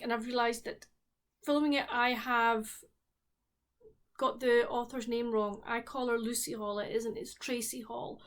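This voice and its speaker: A woman with a Highland Scottish accent chatting candidly to her viewers about books and baking. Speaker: book and baking vlogger. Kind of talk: casual book review and cooking chat.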